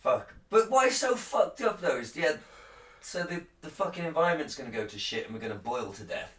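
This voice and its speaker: A British man co-hosting a podcast, sweary and rambling, with loud joking outbursts. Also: on the high side, very animated, a little fast. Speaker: podcast co-host. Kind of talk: casual chat. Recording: roomy, distant mic, faint ambience.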